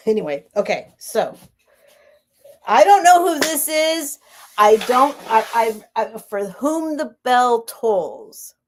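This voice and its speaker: A woman's voice: a little high, sing-song, slow, a little hiss or hum. A woman casually chatting on a live stream as she hosts a vintage sale, rambling and laughing as she interrupts herself. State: near tears.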